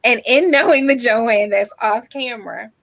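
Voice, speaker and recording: Casting: woman co-host with a slightly high voice, friendly and familiar. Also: moderate pace, gravelly, fairly bright tone. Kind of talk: casual interview chat.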